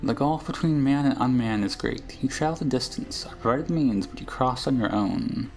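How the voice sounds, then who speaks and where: A man reading aloud the lines of an ancient, scheming female hag from a game, in a gravelly voice. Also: medium pitch, moderate pace, soft background music, lightly acted. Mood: brooding.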